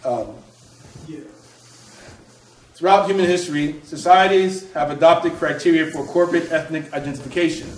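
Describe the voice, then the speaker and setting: A man reading aloud from his own book, measured, pausing to restart phrases and add asides. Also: fairly high pitch, roomy sound, recorded from a distance, slight background noise, rough recording.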